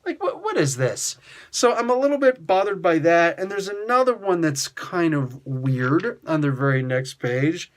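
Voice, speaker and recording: Animated man ranting in a review. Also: fairly high pitch, moderate pace. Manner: animated, exasperated ranting with mock outbursts; heavy use of filler "like" and "you know". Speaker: comic book reviewer. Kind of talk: casual spoken review.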